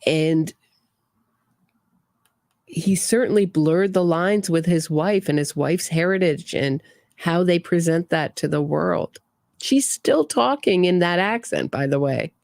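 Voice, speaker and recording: A woman's voice: lowish voice, animated, slow pace, vocal fry, a little mellow, dry recording, studio quality. A middle-aged woman hosting a casual true crime livestream, giving opinions and reading viewer comments aloud.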